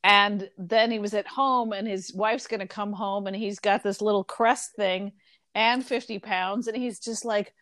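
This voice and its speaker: Woman, casual podcast chat, animated storyteller, dry close mic. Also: mid-range voice, a little slow, dry recording. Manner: animated retelling with quoted voices, frequent ums.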